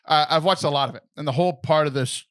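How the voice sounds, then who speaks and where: A young man hosting a podcast in casual chat, animated and laughing often, breaking into high comic voices. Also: fast, dry recording, clean studio sound. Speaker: podcast host.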